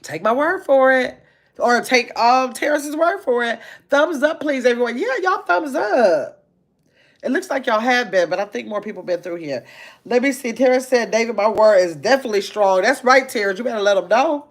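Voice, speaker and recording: Fast-talking woman hosting a livestream. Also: fairly high pitch. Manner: talks fast, says so herself; lively, chatty, laughs easily. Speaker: livestream host. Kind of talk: casual livestream chat, reading comments aloud.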